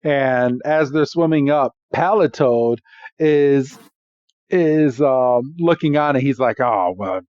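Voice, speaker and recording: Guy cohosting a podcast, kinda high voice, rambly, laughs a lot, lo-fi muffled sound. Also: slow, darkish tone, no echo. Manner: chatty, laughs often, many "like" fillers. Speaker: podcast co-host. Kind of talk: casual episode recap chat.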